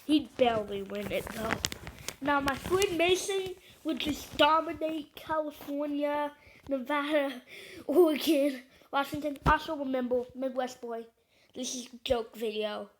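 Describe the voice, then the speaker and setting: A video creator with a high voice speaks a little slowly over an election map, her low-quality recording marked by slight background noise. Rambling and unsure, she fills gaps with fillers and jokes at her own expense.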